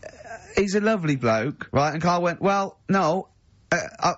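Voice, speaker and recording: Laughing, animated man telling stories. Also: high-pitched, normal speed, no room sound, muffled recording. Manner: animated storyteller, acts out friends' lines, laughs often.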